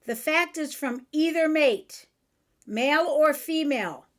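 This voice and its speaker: A woman host giving a motivational self-help talk in a somewhat high voice. She speaks earnestly and frankly. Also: measured pace. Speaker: podcast host and author.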